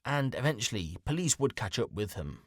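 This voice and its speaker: A man's voice: mid-range voice, very animated, very noisy. Grave male true crime narrator. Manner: measured, grave storytelling. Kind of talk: scripted narration.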